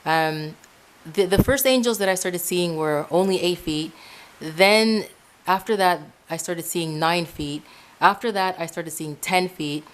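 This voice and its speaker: Speaking unhurriedly in a lowish voice, an Ecuadorian woman tells the story of her own faith journey from her bedroom. It's casual and animated, addressed directly to "guys", full of restarts and repetition.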